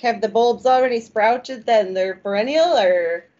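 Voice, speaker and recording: A woman's voice: on the high side, measured pace, darkish tone. A woman making a prank phone call in a silly, rambling persona that keeps drifting off topic. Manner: silly, rambling, puts on a mock Canadian persona. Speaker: prank caller and podcast host. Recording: slightly dull, lo-fi sound.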